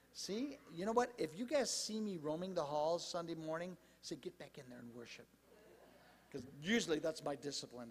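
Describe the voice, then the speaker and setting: A man preaching a sermon as pastor, animated and conversational, with asides to the congregation. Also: on the high side, husky, long reverb tail. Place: church sanctuary.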